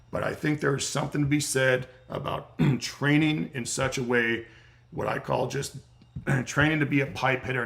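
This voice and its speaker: Speaking in a medium pitch with vocal fry and a fairly bright tone, this middle-aged man runs a livestream Q&A as a strength coach. He's blunt, curses freely, and gets worked up while losing his voice, keeping the casual session profane and emphatic.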